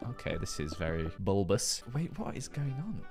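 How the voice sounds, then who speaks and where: A man's voice: sits low, big pitch swings, normal speed, a little mellow, soft background music. A man hosting a casual building game with friends, teasing them and laughing often. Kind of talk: casual gaming chat.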